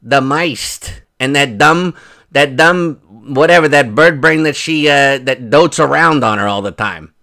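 Bright-voiced chatty male vlogger. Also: fairly high pitch, measured pace, creaky. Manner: chatty, rambling, mocking asides. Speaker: commentary channel host. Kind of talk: casual commentary vlog.

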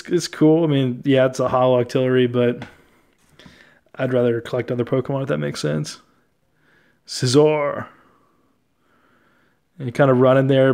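A young man casually talking through his trading card collection, relaxed and chatty, often laughing and using fillers. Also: mid-range voice. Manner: relaxed, chatty, easily amused, many fillers.

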